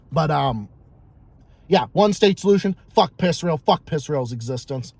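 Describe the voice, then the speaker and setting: A fairly high-pitched man tears through a heated, profane monologue, circling back to the same lines again and again for emphasis. His voice sounds dry and close, with no room around it. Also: a little mellow, no echo. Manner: heated, profane, repetitive ranting. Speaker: vlogger. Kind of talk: ranting monologue.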